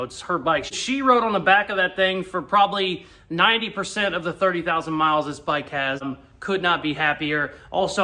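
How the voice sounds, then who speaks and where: A young man chatting casually in a garage vlog, excited, laughing often and swearing casually. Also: a little high. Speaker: custom car builder and YouTuber.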